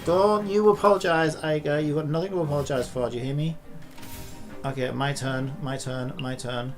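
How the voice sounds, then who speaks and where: A man's voice: mid-range voice, steady tone, moderate pace, darkish tone, soft background music. A man commentating live gameplay, frustrated and swearing often, ranting at the game. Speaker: gaming streamer.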